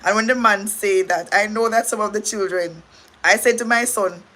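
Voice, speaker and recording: A middle-aged Jamaican woman talks casually on her livestream, with a bright, sharp-edged voice at an ordinary pitch. She rambles and restarts her sentences and thanks her viewers between thoughts. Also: moderate pace, a little hiss or hum. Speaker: livestream host.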